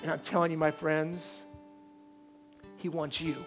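A high-voiced male pastor delivers an earnest sermon in a church. He drops to quiet moments, then builds to emphatic peaks. Soft guitar plays faintly behind him. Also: flat delivery, a little slow, pauses often. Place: church service. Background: faint band guitar.

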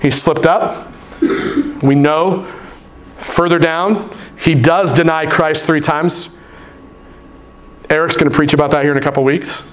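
A man with a fairly high voice preaches in a church. He swings between earnest, rising appeals and easy, chatty stories about his family. His voice carries the warmth of a pastor talking to his own congregation. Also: measured pace, long pauses. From United States. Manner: earnest preaching, shifting to relaxed anecdotes. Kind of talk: sermon. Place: church sanctuary.

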